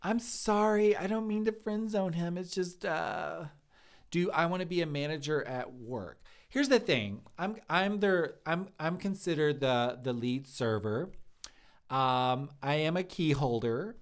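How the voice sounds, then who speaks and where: A man's voice: on the high side, lively intonation, measured pace, clean tone. A man playing Bridget, a gushing chatty waitress. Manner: rambling, giggly, lots of "like" fillers. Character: chatty young woman restaurant lead server, bubbly. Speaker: live-stream comedy host in character. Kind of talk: improvised character comedy.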